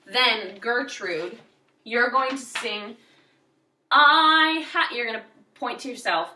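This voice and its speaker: Bright-voiced woman teacher in an echoey room. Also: on the high side, slow pace, far from the mic. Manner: directing students, with sung and spoken examples. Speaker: drama teacher. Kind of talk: choreography instruction.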